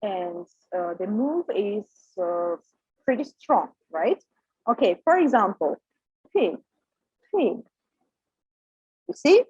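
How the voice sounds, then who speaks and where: Slow, halting woman teacher. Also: mid-range voice, sing-song, breathy edge, no room sound. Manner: slow, halting, many "uh" fillers. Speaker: pronunciation teacher. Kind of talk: recorded micro lesson. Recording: dry, dull lo-fi sound.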